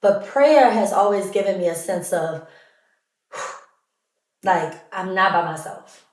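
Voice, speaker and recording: A woman's voice: medium pitch, expressive, slow, darkish tone. A woman hosting a podcast, telling candid, emotional stories in a casual, heartfelt way and laughing along. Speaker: podcast host. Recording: roomy echo, mic at a distance.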